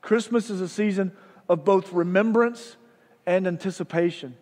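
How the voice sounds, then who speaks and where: Man, pastor, high voice, sermon storytelling, long hall reverb. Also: moderate pace. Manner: storytelling, dropping soft for drama and rising loud.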